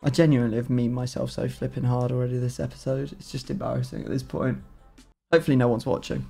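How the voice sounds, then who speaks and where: A man's voice: medium pitch, level tone, quick pace, creaky, warm tone, faint music behind. A man hosting a gaming video, chatting casually and mocking himself with easy banter. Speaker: gaming YouTuber host.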